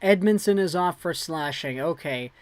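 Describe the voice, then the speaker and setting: Man, hockey play-by-play, livestream commentary, high voice, dry close mic, loud bursts on big plays. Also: moderate pace, dry recording.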